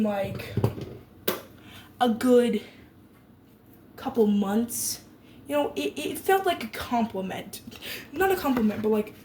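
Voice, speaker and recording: A teenage girl from Germany, chatting casually and rambling while she bakes, full of fillers and sarcastic asides. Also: a little high. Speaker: vlogger. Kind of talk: casual chat while baking. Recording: echoey room with noisy background.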